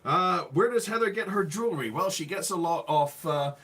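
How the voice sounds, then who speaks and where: An English man co-hosting a livestream, chatting in a relaxed, hesitant way with many fillers. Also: high voice, moderate pace. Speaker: livestream co-host. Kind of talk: casual chat.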